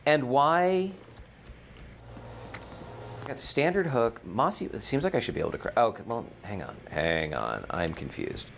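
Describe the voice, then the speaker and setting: A man's voice: medium pitch, big pitch swings, moderate pace, vocal fry, long pauses, a bit bright, slight background noise. A man hosting a casual gameplay livestream, rambling and thinking aloud, often correcting himself mid-sentence. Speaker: streamer, game host.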